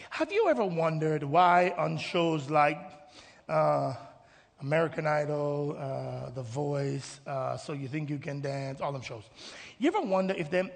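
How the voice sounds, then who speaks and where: A man preaching a sermon as pastor, animated, acting out voices and swinging from hushed tones to shouting. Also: sits high, creaky. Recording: long hall reverb.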